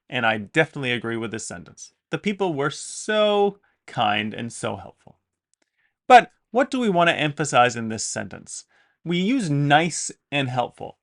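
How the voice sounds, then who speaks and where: A man's voice: medium pitch, vocal fry, fairly bright tone. A man, a native English speaker, teaching an online English lesson, patiently explaining example sentences with fillers and self-corrections.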